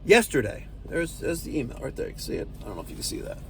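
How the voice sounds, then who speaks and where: A man's voice: medium pitch, wildly swooping pitch, rapid-fire, vocal fry, fairly bright tone, slight background noise. A man hosting an HVAC job-site vlog, talking in a salesy, infomercial-style patter about the system he just installed. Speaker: HVAC contractor and show host. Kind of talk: casual on-the-job vlog talk.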